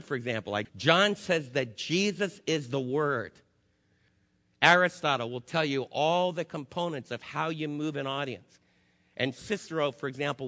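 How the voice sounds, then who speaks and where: A man preaching a sermon as pastor, impassioned, swinging from loud declarations to hushed, intense passages. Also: fairly high pitch. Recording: long hall reverb.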